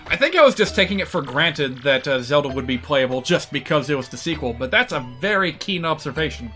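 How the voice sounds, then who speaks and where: A man's voice: on the high side, very animated, brisk, pushed and bright, faint music behind. A man giving casual, joking commentary while streaming a video game. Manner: chatty, joking asides with laughs.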